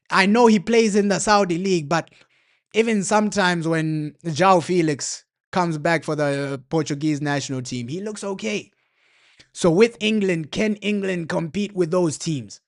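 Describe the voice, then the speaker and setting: A man's voice: sits high, normal speed. Slangy man ranting over a live match. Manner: slangy, repetitive, frustrated ranting. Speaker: football watchalong streamer. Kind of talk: casual live match commentary.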